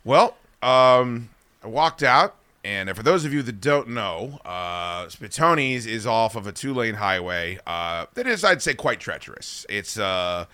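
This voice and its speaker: Podcast host guy spinning a rambling swear-filled story, bright voice, dead dry sound. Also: on the low side, a little slow, clear, resonant tone, dry recording. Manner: rambling, profane, animated anecdote-telling. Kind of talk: comedic storytelling.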